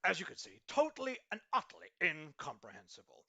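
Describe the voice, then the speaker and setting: A man's voice: high voice, huge pitch swings, brisk, creaky, pushed and bright. A man hosting a satirical business advice show in a pompous, mock-serious guru manner, with frequent ums.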